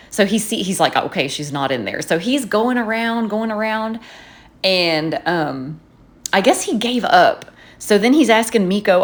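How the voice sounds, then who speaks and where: A chatty woman, speaking at an ordinary, mid-range pitch. She tells her story in an animated, expressive way while working on her journal, like a casual vlog chat. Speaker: journaling vlogger.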